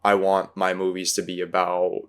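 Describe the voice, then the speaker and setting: A man's voice: low-pitched, completely flat delivery, moderate pace, smooth. A man in casual movie talk, rambling and searching for words with many fillers. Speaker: podcast host.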